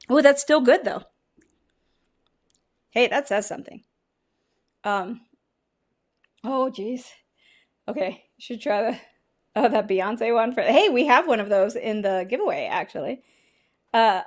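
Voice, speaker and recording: Lady hosting a whiskey stream, chatty and cussing, kinda high voice, groans at bad sips. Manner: chatty, swears, dramatic groans when tasting. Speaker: livestream host. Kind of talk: casual livestream whiskey tasting.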